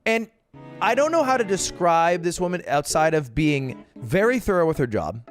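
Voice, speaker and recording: A man, a streamer, telling a story in an exasperated, profane way, casual and animated. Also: fairly high pitch, normal speed, faint music behind. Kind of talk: casual comedic storytelling rant.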